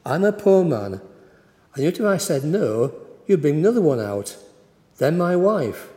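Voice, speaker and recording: A poor, anxious woodcutter, put on by a male preacher in a storytold sermon, speaking in a mellow, slightly high voice. He sounds pleading at first and then sly, and his words ring out through a long, echoing church hall. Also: sing-song, a little slow.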